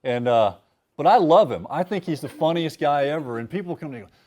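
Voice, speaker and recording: A man's voice: a little high, expressive, fast talker, a little mellow. A man in his fifties, an author at a university event, chatting casually with self-deprecating asides before reading his prose aloud.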